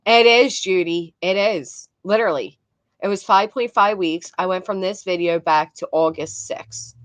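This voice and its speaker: Between video clips, a woman with a lowish voice talks to her chat at a moderate pace, hosting casual commentary. She's blunt and swears. The recording has no echo.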